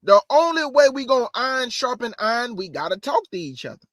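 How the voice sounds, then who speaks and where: A man preaches to his online audience, quick and emphatic, circling back to repeat his points. His voice sits high for a man, and the sound is dry and close to the mic. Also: sing-song, fairly bright tone, dry recording. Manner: fast, conversational, emphatic, repeats phrases. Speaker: online Bible teacher. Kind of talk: livestream preaching. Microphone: close microphone.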